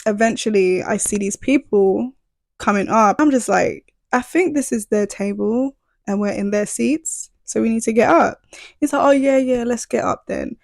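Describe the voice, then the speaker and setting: Young woman, storytime vlogger, gravelly voice, dry close mic, acts out the dialogue. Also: on the high side, normal speed, no room sound. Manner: animated retelling, acts out both sides of the dialogue. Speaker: YouTuber. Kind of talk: storytime vlog.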